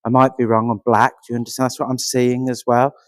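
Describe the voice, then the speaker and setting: A man's voice: mid-range voice, flat delivery, fast talker, no room sound. Chatty man giving a mediumship reading. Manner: chatty, keeps asking "do you understand", laughs easily.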